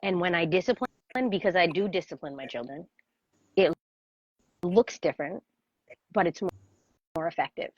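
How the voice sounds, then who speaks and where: Guest parenting coach, woman, thirties, lively and laughing, slightly low pitch, dull call sound. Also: normal speed, long pauses, husky, dry recording. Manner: animated storyteller, laughs often, acts out voices. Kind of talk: casual interview conversation. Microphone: video call. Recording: dry, dull video-call audio.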